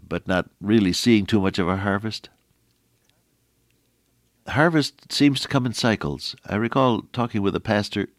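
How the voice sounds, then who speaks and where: A middle-aged man preaching a folksy radio sermon, quoting scripture in an animated way. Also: sits low, no room sound, studio quality.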